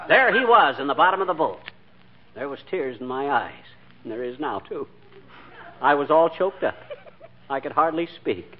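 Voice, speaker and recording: An actor playing a brash, bragging husband who tells tall tales in a 1940s radio sitcom. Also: male voice, on the high side, expressive, measured pace, pauses often. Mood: boastful. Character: boastful, blustering husband spinning tall tales. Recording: dull lo-fi 1940s radio broadcast with faint hiss.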